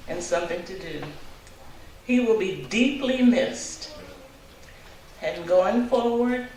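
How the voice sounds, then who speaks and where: Woman, widow, memorial tribute, very slow, quiet, distant, echoing hall. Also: medium pitch. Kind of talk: speaking at a memorial service. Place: funeral hall. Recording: distant, very echoey hall with faint noise.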